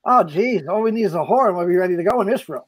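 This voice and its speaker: A man quoting a famous male comedian who grumbles quick jokes about a shabby room. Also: sits high, expressive, a little hiss or hum. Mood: joking.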